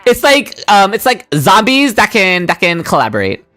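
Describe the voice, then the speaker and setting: A woman streaming a game, chatting excitedly and voicing the characters' lines herself. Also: mid-range voice, normal speed, faint music behind. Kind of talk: game stream, reading dialogue aloud.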